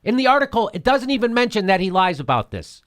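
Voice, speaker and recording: High-voiced man ranting sarcastically. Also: big pitch swings, quick pace, a bit bright. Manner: indignant, sarcastic, profane, repeats himself. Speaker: host. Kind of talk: heated political commentary.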